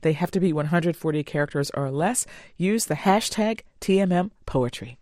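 A woman's voice: low voice, animated, normal speed, darkish tone, no room sound, clean studio sound. A woman hosting a radio program, interviewing a poet and introducing the next segment. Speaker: radio host. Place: radio studio.

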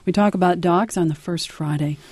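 A woman's voice: lowish voice, fairly quick, a little mellow, slightly rough, no room sound. A woman hosting an afternoon radio call-in show, friendly and conversational with her guests. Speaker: radio host. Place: radio studio.

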